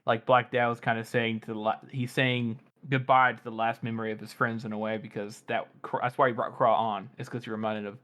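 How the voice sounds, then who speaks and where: A man's voice: mid-range voice, level tone, fairly quick, hardly any pauses, bright, forceful tone. A man co-hosting a book podcast, talking through a scene in a thoughtful, hesitant way with plenty of fillers. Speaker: podcast co-host. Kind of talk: casual book discussion.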